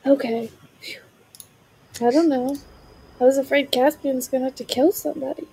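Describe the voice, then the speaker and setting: A woman's voice: high voice, fairly even intonation, normal speed, creaky, warm tone, slight background noise, poor audio. A woman playing a tabletop game, joking and hesitant in casual chat. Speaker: player.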